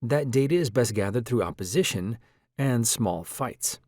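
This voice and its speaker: A man reading an audiobook in a measured, reflective first-person narration. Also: mid-range voice, expressive, darkish tone, no echo, studio quality.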